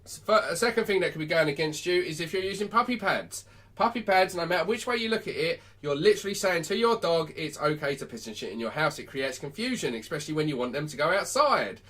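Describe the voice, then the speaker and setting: A man's voice: fairly high pitch, lively intonation, fast, fairly bright tone. A man, a dog trainer giving blunt, sweary advice on a live stream.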